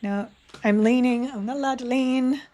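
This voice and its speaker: A woman's voice: high voice, fairly even intonation, normal speed, warm tone. A young adult woman streaming a game live, chatting casually, giggling and reading chat aloud.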